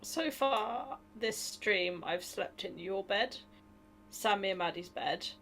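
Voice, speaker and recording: A young woman from Britain co-streaming a game, chatty and quick to laugh. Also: mid-range voice, animated, fairly bright tone, soft background music. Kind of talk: casual game stream chat. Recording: faint keyboard clicks behind.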